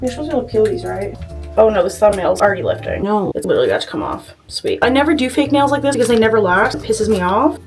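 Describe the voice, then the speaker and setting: A woman's voice: mid-range voice, sing-song, racing, a little mellow, soft background music. A woman vlogging casually at home to a phone camera, chatty and nervous, swearing freely. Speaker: beauty vlogger.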